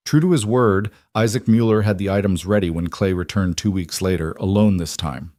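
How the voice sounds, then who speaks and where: Low-voiced male story narrator. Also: normal speed, hardly any pauses, mellow, no room sound, studio quality.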